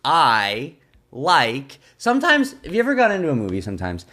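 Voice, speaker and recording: A young man co-hosting a podcast in casual chat, laughing easily as he talks. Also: normal speed. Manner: lively, jumps up and down in pitch, laughs easily. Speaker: podcast co-host.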